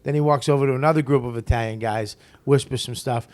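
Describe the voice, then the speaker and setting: Man, comic guest, casual interview, swearing, animated storytelling. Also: medium pitch, fast talker. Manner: profane, animated storyteller who acts out quotes.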